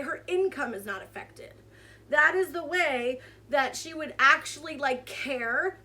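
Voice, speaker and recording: A woman's voice: sits high, sharp tone, slight background noise. A woman vlogger giving casual commentary on online drama in a heated, sarcastic rant.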